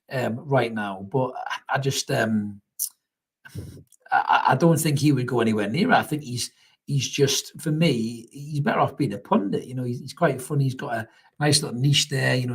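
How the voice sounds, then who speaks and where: A man's voice: medium pitch, fairly quick, creaky, slightly rough. A young man hosts a live football reaction stream, chatting casually, laughing often and reading out viewer comments. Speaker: fan channel host.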